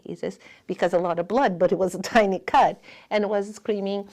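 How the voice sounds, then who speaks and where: A woman giving a spiritual lecture in earnest, non-native English, often dropping to a hush. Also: medium pitch, moderate pace.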